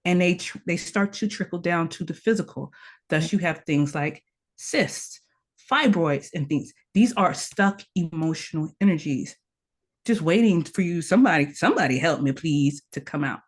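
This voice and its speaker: A woman's voice: on the low side, moderate pace. A woman guest on a podcast, teaching tantra practice in an earnest, instructive way and repeating her key points. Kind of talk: conversational podcast interview.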